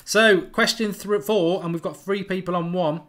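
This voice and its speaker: A man's voice: high voice, fairly even intonation, fairly bright tone. Chatty man hosting a live quiz. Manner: chatty and quick, reads out names and answers. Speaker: football channel host running a live quiz. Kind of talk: live-stream chat reading viewer comments.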